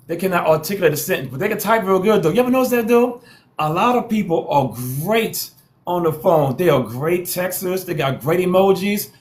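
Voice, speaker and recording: A man hosting a live call-in panel show, talking in a slangy, teasing way and repeating lines for effect. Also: a little high. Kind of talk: casual live-stream talk.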